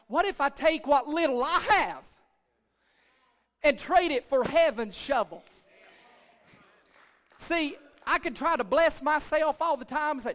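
A male pastor preaching a sermon in church, building from low murmurs to shouted, rhythmic repetitions.

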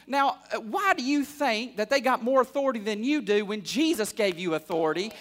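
A man in his thirties preaching a sermon as pastor, calling out for amens and building from quiet asides to fervent shouts. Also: very high voice, brisk, few pauses. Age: 30s. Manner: call-and-response preaching, building to loud fervor.

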